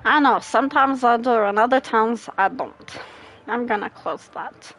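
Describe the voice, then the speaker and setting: A woman gamer reads game text aloud and banters in a casual let's play. Her voice is high and her pace slow. She is giggly and playful throughout. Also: a bit bright, a little hiss or hum, low-quality recording.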